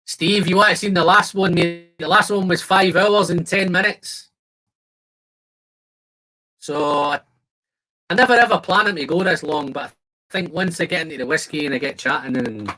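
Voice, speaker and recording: A man's voice: a little high, pushed and bright, low-quality recording. A man hosting a casual live stream, chatting loosely and laughing often. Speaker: livestream host. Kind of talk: casual chat.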